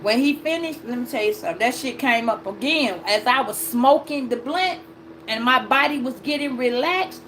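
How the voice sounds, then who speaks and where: A woman's voice: on the high side, lively intonation, moderate pace, fairly bright tone, a little hiss or hum, rough recording. A woman host telling a personal story in a casual rant, blunt and profane with emphatic retelling. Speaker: astrology and tarot channel host.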